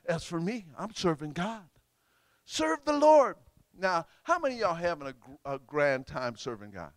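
Man preaching, call-and-response sermon, bright voice, dry sound. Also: sits high, no room sound. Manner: shouting bursts, congregation prompts.

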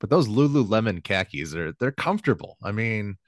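A man's voice: on the low side, sing-song, a little fast, no echo, studio quality. A man co-hosting a casual sports podcast, giving confident, opinionated analysis. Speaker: podcast co-host.

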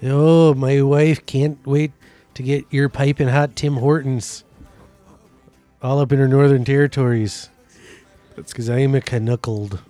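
A man's voice: mid-range voice, fairly even intonation, a little slow, mellow, dry recording, faint music behind, close to an everyday voice. A man putting on the voice of a polite male Canadian leader, chirpy and ending his lines with "eh".

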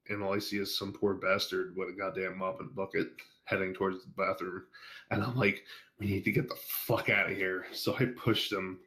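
Young guy with a really low voice, swearing his way through a gross story, doing everyone's lines. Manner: crude, animated anecdote with acted-out quotes. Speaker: guest storyteller. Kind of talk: casual storytelling, profane.

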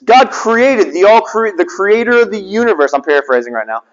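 A male preacher with a high voice and lively intonation talks briskly, posing rhetorical questions to the congregation and repeating phrases to drive points home. The audio is dull, lo-fi, with a long reverb tail.

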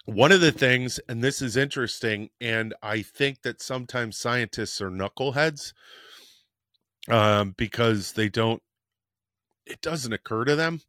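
A man's voice: mid-range voice, a little slow, bright, forceful tone, dry recording, clean studio sound. A man hosting a podcast, telling a personal story in a frank, rambling way and swearing casually. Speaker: podcast host.

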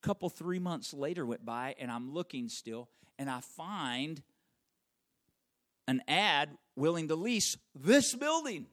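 A man's voice: a little high, very animated, takes it slowly. Man preaching with wide dynamic swings. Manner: swings from loud emphatic peaks to hushed, near-whispered lines. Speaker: pastor. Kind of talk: sermon storytelling.

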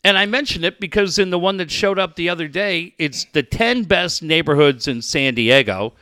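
Radio co-host, man, slightly high voice, profane rants and ad reads. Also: moderate pace, clean tone, dry recording, studio quality. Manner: crude, bursts into shouting rants. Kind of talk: profane comedic banter with live ad reads.

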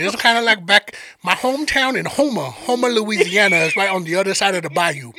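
A man's voice: sits high, a little fast, dry recording. A man telling a comic story in casual chat, swearing freely and acting out the people in it. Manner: animated, profane, acts out voices in his stories. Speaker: storyteller on a podcast.

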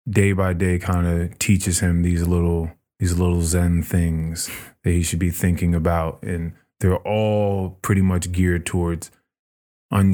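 A man hosting a podcast, retelling a book in casual, animated chat with plenty of swearing. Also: low-pitched. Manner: animated, profane storytelling. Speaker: podcast host.

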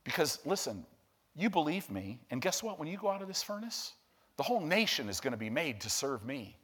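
High-voiced, emphatic male preacher. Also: a little fast, husky. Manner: emphatic, animated, with big swings from hushed to loud. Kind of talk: sermon.

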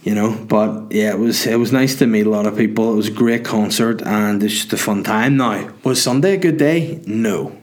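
Chatty, self-mocking comedian. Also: male voice, fairly low pitch, normal speed, few pauses. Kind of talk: casual storytelling monologue.

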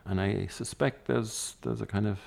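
A man interviewing a poet, asking measured, probing questions with a few fillers. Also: fairly low pitch, fairly even intonation, vocal fry, darkish tone.

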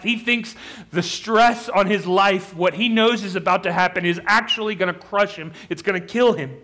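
This is a male pastor with a high voice, speaking at a normal speed as he preaches. He is impassioned throughout, building to pleading intensity, and his quotations come out as near-shouted pleas.

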